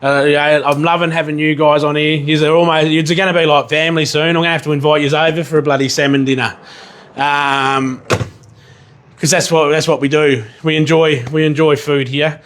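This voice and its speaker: A man hosting a casual livestream while he cooks. He rambles, swears casually and bursts into excited yelling now and then. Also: fairly high pitch, a little fast. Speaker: livestream host and chef.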